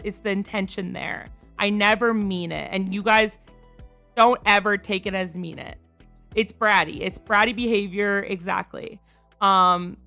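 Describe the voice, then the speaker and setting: A woman streamer chatting casually on a live stream, frank and quick to laugh, swearing freely. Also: medium pitch, sharp tone.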